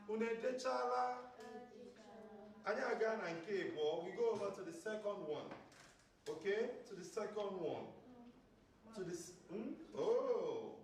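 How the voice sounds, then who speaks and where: A man teaching a class, repeating vocabulary and quizzing pupils so they echo it back. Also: high-pitched. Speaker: language teacher. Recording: echoey classroom from far off.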